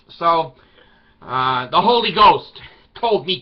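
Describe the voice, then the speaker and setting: A man's voice: a little high, expressive, measured pace. A man talking to camera in a loose, rambling monologue, wry and irreverent in tone. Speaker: video blogger. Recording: slightly dull lo-fi recording.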